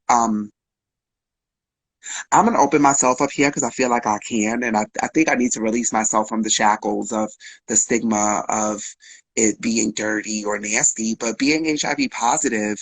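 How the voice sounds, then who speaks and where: Husky man telling a candid story. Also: mid-range voice, moderate pace, dry recording, rough recording. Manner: frank, emotional, uses slang and swearing. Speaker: guest.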